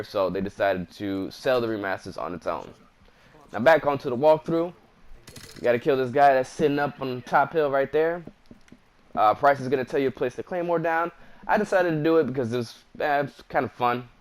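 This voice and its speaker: Laid-back man narrating a game walkthrough. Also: mid-range voice. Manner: laid-back, slangy, rambling asides. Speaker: gaming commentator. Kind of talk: casual walkthrough commentary over gameplay.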